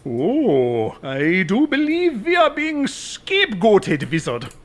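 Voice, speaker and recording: A man's voice: sits high, wildly swooping pitch, slow, full character voice. An actor playing a polite, formal male mole companion with a prim, mildly pompous way of talking.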